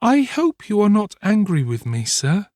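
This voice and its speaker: A man's voice: high voice, huge pitch swings, measured pace, a little mellow, no room sound, studio quality, pitched above the performer's own voice, exaggerated voice. Man doing a timid, frail orphan boy. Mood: pleading.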